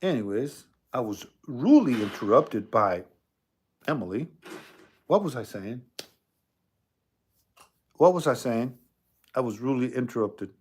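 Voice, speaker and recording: A man's voice: mid-range voice, a little slow, long pauses, husky. Streetwise man chatting, scolding a spirit. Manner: streetwise, scolding, animated asides. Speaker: paranormal streamer. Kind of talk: casual spirit-box chat.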